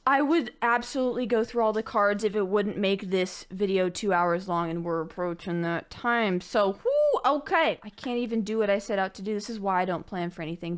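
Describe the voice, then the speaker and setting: A woman's voice: mid-range voice, clean tone. A young woman unboxing birthday gifts on her vlog, gushing thanks and tossing in jokey asides. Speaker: gaming YouTuber unboxing gifts. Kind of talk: casual vlog chat.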